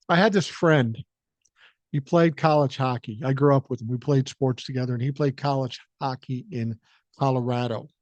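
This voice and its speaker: A man's voice: medium pitch, a little mellow, no room sound, lo-fi sound. A man in his sixties from the American Midwest, hosting a podcast and telling a story in a blunt, profane, laid-back way. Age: 60s. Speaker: podcast host. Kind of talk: casual storytelling monologue.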